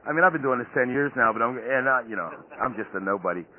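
A man's voice: mid-range voice, animated, fast talker. A man hosting a podcast interview, chatting casually and rambling with lots of fillers and restarts. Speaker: podcast host. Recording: tinny phone-line audio with faint noise.

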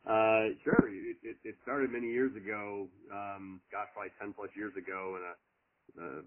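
A man's voice: fairly low pitch, big pitch swings, normal speed, a little hiss or hum. A middle-aged man, a college lacrosse head coach, answering interview questions earnestly and at length with many fillers. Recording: tinny phone line.

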